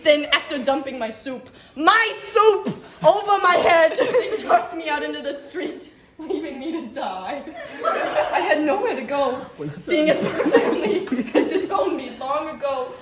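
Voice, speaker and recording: A woman's voice: sits high, lively intonation, measured pace, roomy sound, over a noisy crowd. Young woman telling a mock-tragic tale. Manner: overblown, tragic storytelling for laughs. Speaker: contestant in a comedy cooking video. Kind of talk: mock-dramatic comic monologue.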